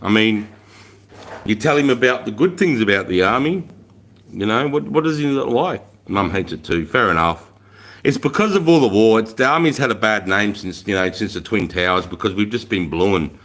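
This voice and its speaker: A middle-aged man with an Australian accent hosts a relaxed livestream. He talks bluntly and casually, peppering his talk with slang and swearing. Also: lowish voice, moderate pace. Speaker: livestream host.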